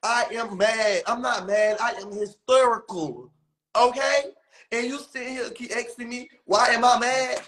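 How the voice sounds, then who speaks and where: A man's voice: very high-pitched, measured pace, fairly bright tone, rough recording. A young man in a comedic, profanity-heavy rant, with exaggerated mocking impressions.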